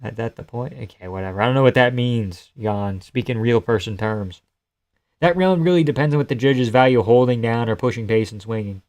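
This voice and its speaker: A young man hosts a live reaction stream from home, cursing casually and laughing through his remarks. He reads out chat messages and riffs on the fights. His voice sits at an ordinary male pitch. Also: fairly quick, a little mellow. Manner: crude, joking, laughs often, reads chat aloud. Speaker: livestream host.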